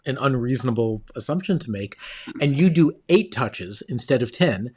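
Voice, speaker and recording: Guy hosting a podcast, chatty, thinking it through out loud. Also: medium pitch, expressive, normal speed, breathy edge. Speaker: podcast host. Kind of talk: casual interview chat.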